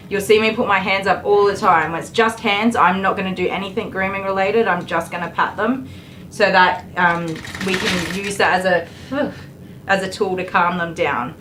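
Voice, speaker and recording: A woman's voice: lowish voice, fairly bright tone, slight background noise. An Australian woman working as a dog groomer on a live stream. She jokes with viewers and soothes the dog with baby talk.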